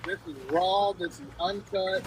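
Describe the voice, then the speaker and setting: A blunt, profane man talking fast and hard in a heated trucking debate. His voice sits a bit high for a man. There is steady background noise with a vehicle rumbling behind him on a live stream. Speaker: podcast co-host, trucker.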